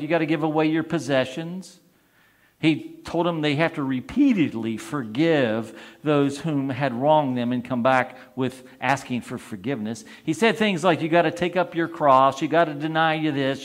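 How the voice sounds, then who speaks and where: A man, a priest, preaching a conversational sermon and asking his congregation questions. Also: on the high side.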